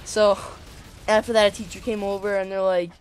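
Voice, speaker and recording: A man's voice: high-pitched, flat delivery, a little fast, clear, resonant tone. A teenage boy casually telling a story over gameplay, rambling with lots of fillers and casual swearing. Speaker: gaming channel host.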